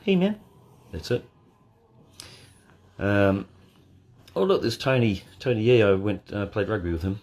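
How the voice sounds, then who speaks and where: A man hosting a casual live watch party from bed, answering chat questions in a deadpan, joking way. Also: on the low side, measured pace, pauses often. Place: in bed at home. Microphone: phone.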